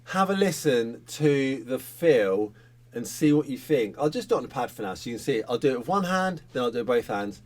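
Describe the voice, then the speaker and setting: A man's voice: medium pitch, animated, fairly quick, noisy background. A man teaching a drum lesson, talking casually and counting sticking patterns aloud.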